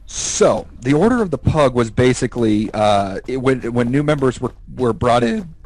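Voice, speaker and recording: A man co-hosting a podcast, telling stories in an animated, profane, casual way and laughing as he goes. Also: mid-range voice, normal speed, poor audio. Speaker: podcast co-host. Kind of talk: casual storytelling chat.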